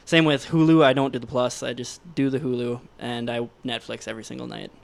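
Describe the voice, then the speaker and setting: Male podcast guest, gravelly fry, offhand matter-of-fact chat. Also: medium pitch, little pitch movement, fairly quick. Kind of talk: casual chat.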